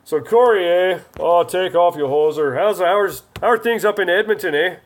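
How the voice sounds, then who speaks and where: A man's voice: a little high, expressive, fairly quick. A man putting on a folksy, teasing mock Canadian guy who ends his lines with "eh".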